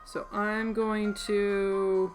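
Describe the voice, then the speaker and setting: A woman's voice: medium pitch, level tone, drawn-out words, soft background music. A young woman from Canada chatting casually and rambling while she sews on a livestream, laughing often. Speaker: crafting livestream host. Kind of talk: casual chat while sewing.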